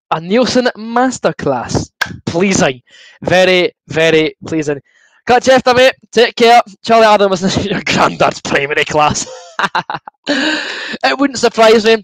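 A Scottish man hosting a live football watchalong, excitable and chatty, cheering, laughing and talking to his viewers over a desk microphone. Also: sits high, no echo, poor audio. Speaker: livestream host.

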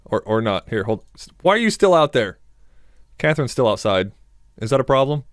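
A man's voice: medium pitch, sing-song, fairly quick, no room sound, clean studio sound. A young man doing crude, joking let's play commentary, laughing and talking back to game characters. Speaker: gamer.

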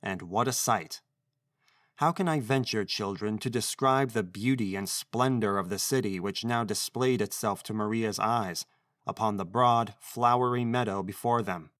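A man narrating a classic children's story in a measured, expressive reading voice. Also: lowish voice, no echo, clean studio sound.

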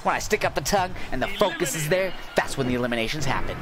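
Guy with a worn hoarse voice yelling at a video game, kinda high, cursing a lot. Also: lively intonation, fast, few pauses. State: voice going hoarse. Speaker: gaming channel host. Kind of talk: casual gameplay commentary. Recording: game music loud behind voice. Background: video game music.

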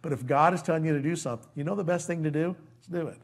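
An older man preaches in a relaxed, folksy way, with a voice that sits a little high for a man. He walks through scripture conversationally, acting out dialogue with sudden lifts and then sinking into soft, hushed asides. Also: very fast. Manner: folksy, animated, acts out quoted dialogue, trails into quiet asides. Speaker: pastor. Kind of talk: conversational verse-by-verse sermon.

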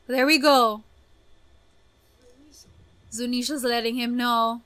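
A woman hosting an anime reaction video, talking casually and gushing with excited exclamations. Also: a little high, takes it slowly, no room sound.

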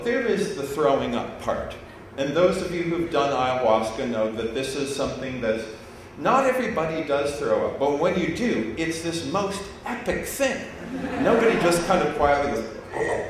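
Animated man telling a story in a hall. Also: on the high side, moderate pace. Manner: animated, laughs through the telling. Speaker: speaker. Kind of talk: storytelling monologue to a live audience. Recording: echoey hall, distant mic, noisy.

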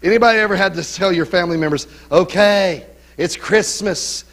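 Animated middle-aged male pastor preaching. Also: sits high, moderate pace, rough recording. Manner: animated preaching with call-and-response asides. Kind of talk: sermon. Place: church sanctuary.

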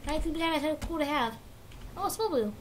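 A young woman commentating her own Pixelmon let's play, rambling casually and bursting into excited shrieks. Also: high voice, quick pace, slight background noise. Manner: chatty, swings from mumbling to excited shrieks. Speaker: gaming YouTuber.

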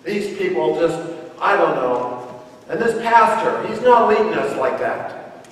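A man's voice: on the high side, very animated, measured pace. A pastor in his fifties preaching a sermon, emphatic and asking his congregation questions. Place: church sanctuary. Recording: echoey church hall from far off.

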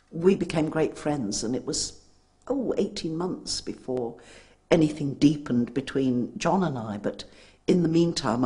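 An older woman giving an interview, reminiscing in a fond, chatty, slightly halting way. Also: deep voice, mellow. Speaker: interviewee, widow.

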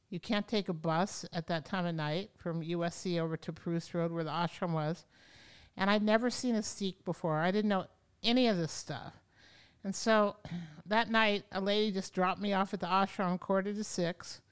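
A woman yoga teacher telling stories as an interview guest, animated and acting out the voices of people she quotes. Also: medium pitch, clear, resonant tone. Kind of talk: storytelling in an interview. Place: podcast studio.

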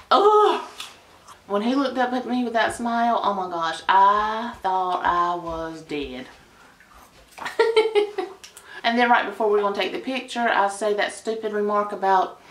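A woman telling a story in a chatty, gushing way. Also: medium pitch. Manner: chatty and gushing, with sighs and laughs. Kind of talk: casual storytime. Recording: echoey room.

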